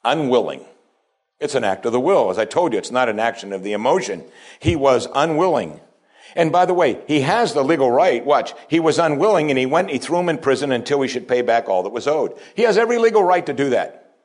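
A pastor preaching a sermon, dropping to quiet asides and then rising to strong, emphatic lines. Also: male voice, mid-range voice, animated, brisk. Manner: preaching with wide swings between hushed asides and raised, emphatic lines.

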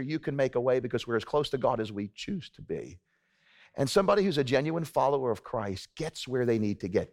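A man preaching a sermon to a congregation, talking in a casual, conversational way and checking in with "okay?" asides. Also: mid-range voice. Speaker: pastor.

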